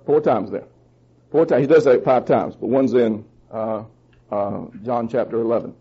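A man's voice: moderate pace, slightly rough, dull audio. A man preaching a sermon with a fervent, emphatic delivery, putting questions to the congregation and speaking. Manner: fervent, emphatic, rises in pitch when stressing points.

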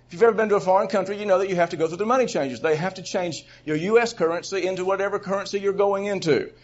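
High-voiced preacher, dull lo-fi recording. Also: male voice, racing. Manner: animated storyteller, swings from quiet asides to loud shouting; chuckles often between points. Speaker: preacher teaching a Bible session. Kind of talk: sermon teaching.

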